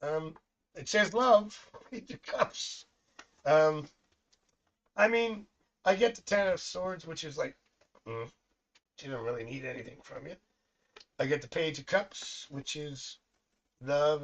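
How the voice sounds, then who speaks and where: A man's voice: on the high side, a little slow, pauses often, a bit bright, poor audio. A middle-aged man reading tarot cards on a live stream, chatting casually, rambling through family stories and laughing often. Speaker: psychic tarot reader.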